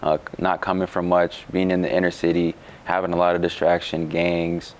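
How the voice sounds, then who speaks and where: Very deep flat-voiced young man. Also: slight background noise. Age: young adult. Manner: relaxed, halting, with many fillers. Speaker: college basketball player. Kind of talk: interview answers.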